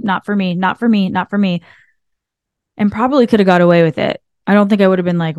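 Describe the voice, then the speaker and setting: A woman's voice: mid-range voice, darkish tone, dry recording, studio quality. A woman hosting a podcast, talking casually from behind her desk, laughing often and filling her speech with "like.". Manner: chatty, laughs often, filler "like". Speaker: podcast host. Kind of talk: casual motivational monologue. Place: small room behind a desk. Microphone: desk microphone.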